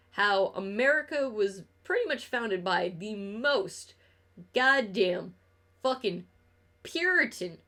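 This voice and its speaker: During a game stream, a young woman keeps a casual, rambling commentary going, sarcastic, sweary, and often laughing. Her voice is on the high side and a bit bright.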